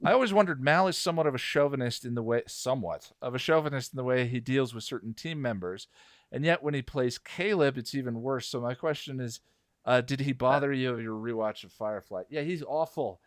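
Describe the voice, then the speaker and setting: A man hosting a casual panel discussion, animated and halting, with frequent restarts. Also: medium pitch, no echo, clean studio sound. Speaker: podcast host.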